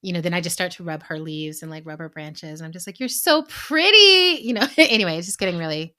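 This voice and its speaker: A woman's voice: low-pitched, steady tone, fast talker, sharp tone. Chatty woman podcast host telling stories. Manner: chatty storyteller, many "like"s, bursts of laughter. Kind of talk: casual chat.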